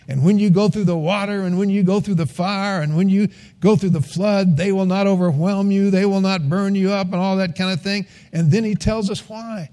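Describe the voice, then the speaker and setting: An older man preaching with a mellow, warm tone, his pitch sitting a little high for a man. He tells folksy stories and leans into earnest emphasis. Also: fairly even intonation, a little fast, hardly any pauses. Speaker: pastor. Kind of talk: sermon.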